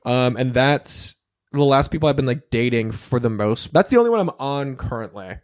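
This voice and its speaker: A young man talking as a podcast guest in casual interview chat, blunt and emphatic, swearing freely with lively asides. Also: medium pitch, normal speed.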